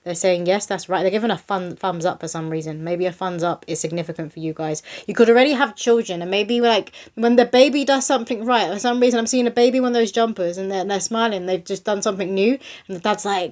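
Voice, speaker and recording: A young woman psychic medium giving a casual, chatty spiritual reading to camera, breezy and animated in her delivery. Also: mid-range voice, fairly quick. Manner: chatty, breezy, spiritual, with bursts of quoted voices.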